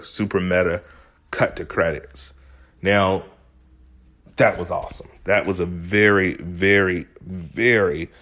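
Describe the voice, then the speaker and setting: A man with a low voice talks through a TV episode in a relaxed, chatty way. He is enthusiastic and retells the scenes in his own words as the host of the show. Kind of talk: casual recap commentary.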